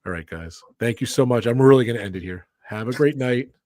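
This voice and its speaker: A man co-hosting a relaxed livestream catch-up. He talks in a loose, chatty way and often breaks into laughter. His voice sits at a middle pitch and sounds dry and close, with no room around it. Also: a little fast, dry recording. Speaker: podcast co-host. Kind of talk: casual livestream chat.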